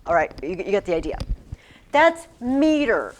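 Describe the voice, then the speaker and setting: A middle-aged woman teaching a classroom, chanting rhythms aloud in a chatty, animated way. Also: mid-range voice, normal speed.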